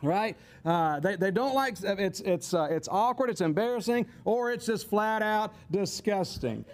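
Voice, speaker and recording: A man's voice: high voice, animated, measured pace. A man giving a casual, folksy teaching talk, rambling with chuckling asides. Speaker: teacher on temperaments.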